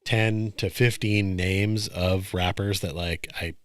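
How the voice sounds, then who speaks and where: A man's voice: sits low, takes it slowly, no room sound, clean studio sound. A man co-hosting a basketball podcast, making wry, laid-back remarks while watching a live game. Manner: laid-back, wry, lively ups and downs. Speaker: podcast co-host. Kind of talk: casual live watch-along chat.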